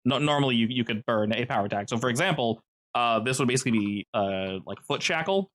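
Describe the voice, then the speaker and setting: A man's voice: mid-range voice, fast talker, a bit bright. A man running a tabletop role-playing game as game master, explaining rules and describing scenes with many fillers.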